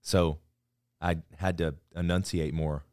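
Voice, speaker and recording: A man of thirty from Alabama with a slight Southern US accent, chatting as a podcast guest in a relaxed, carefully enunciated way. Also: sits low, no room sound, studio quality. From Florence, Alabama, USA. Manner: relaxed, deliberately enunciated speech. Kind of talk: casual interview chat.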